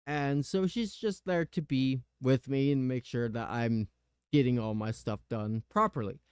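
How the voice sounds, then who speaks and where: A man hosting a podcast, telling a personal story in a casual, animated way with the odd curse word. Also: medium pitch, unhurried, clean tone, no echo, studio quality. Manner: animated retelling, swearing. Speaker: podcast host.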